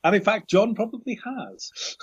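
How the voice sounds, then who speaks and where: Husky guy rambling and joking at the game table, muffled lo-fi mic, fairly high voice. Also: sing-song, measured pace, no echo. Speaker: player. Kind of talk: casual tabletop chat. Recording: dull lo-fi mic.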